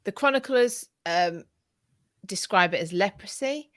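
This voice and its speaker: A woman's voice: mid-range voice, expressive, a little slow, no echo, studio quality. A woman co-hosting a history livestream, thinking aloud in an easygoing way over a video call. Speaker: history podcast co-host. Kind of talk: casual livestream chat.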